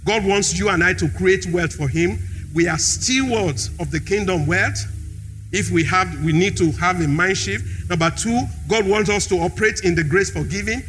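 A man's voice: sits high, moderate pace, a bit bright, soft background music. A man preaching a sermon in a church hall, repeating key phrases with emphasis.

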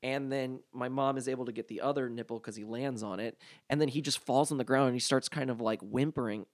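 A man in a casual podcast chat, telling long stories about his mother, full of "like" fillers and lively when he quotes people. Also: medium pitch, fast, dry recording, studio quality. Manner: rambling, lots of "like" fillers, animated when quoting people.

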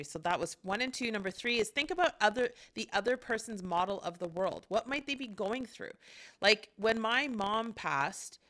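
Bright-voiced woman, candid motivational talk. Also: medium pitch. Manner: candid, swears freely, trails off and restarts. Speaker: podcast host.

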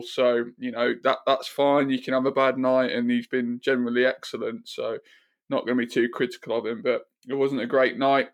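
A man giving casual football analysis on a podcast, measured and hedging with fillers. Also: mid-range voice. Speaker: podcast regular guest.

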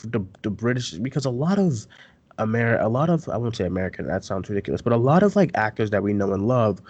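Husky-voiced man chatting loosely. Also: fast, dry recording, muffled recording. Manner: rambling, filler-heavy, jumps between pitches when excited. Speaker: co-host, film site editor. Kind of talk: casual chat.

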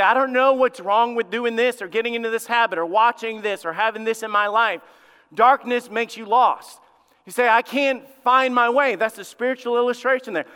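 Pastor guy preaching, high voice, gets loud then drops way down, big hall echo. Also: clean tone. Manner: animated preaching with rising exclamations and hushed warnings. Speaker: lead pastor. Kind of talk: sermon.

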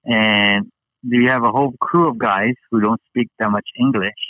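A man's voice: medium pitch, fairly even intonation, moderate pace, no echo, highs cut off. A man from Hawaii, a guest chatting casually and rambling with many fillers and restarts. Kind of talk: casual interview chat.

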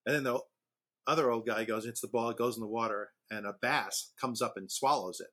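A man co-hosting a podcast, casually chatting and telling long, rambling jokes. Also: mid-range voice. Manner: relaxed storyteller, drawn-out jokes. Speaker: podcast co-host. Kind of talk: casual chat, joke telling.

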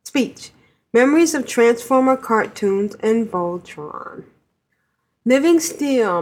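Woman, podcast co-host, reading email aloud, cheerful, laughs often, higher voice, slow pace. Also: lively intonation, darkish tone. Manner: cheerful, laughs between lines.

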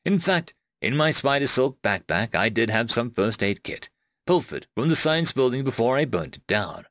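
A man narrating a first-person fiction audiobook in a measured, expressive storytelling manner. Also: mid-range voice, no echo.

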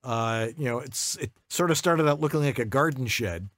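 A man's voice: medium pitch, expressive, normal speed, a bit bright, dry recording. A man hosting a live interview show, asking questions in a casual, conversational way with repeated starts. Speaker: podcast host.

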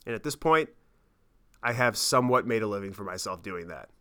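A man's voice: on the low side, expressive, a little fast, a bit bright, smooth. A man hosting his podcast, telling a travel story in a casual, profane, self-mocking way. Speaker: podcast host.

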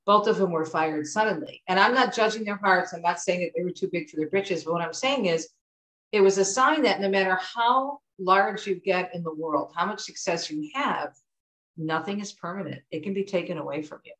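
A middle-aged woman from the United States with a lowish voice talks as an interview guest. She tells stories in a lively, chatty way. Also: fairly quick, low-quality recording. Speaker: author and guest. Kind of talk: conversational interview.

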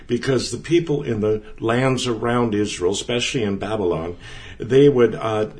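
A man's voice: on the low side, normal speed, darkish tone. A man teaching the Bible in a conversational way, earnest and emphatic, repeating words for stress.

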